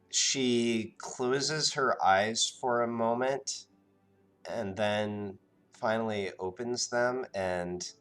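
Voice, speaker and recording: A man narrating as game master of a tabletop game, halting and restarting as he goes. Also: lowish voice, pushed and bright.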